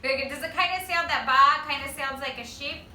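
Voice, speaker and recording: Woman preschool teacher, high bright lilting voice, slow and sing-song, roomy distant classroom sound. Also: a little hiss or hum. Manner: sing-song, slow and encouraging with small children. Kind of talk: circle time lesson for toddlers.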